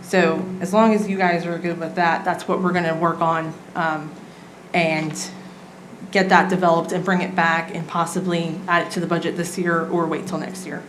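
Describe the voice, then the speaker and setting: A woman's voice: on the low side, level tone, normal speed. A woman, a city staff member presenting a budget item at a council meeting in a casual way with many filler ums. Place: council chamber. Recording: echoey chamber, background noise.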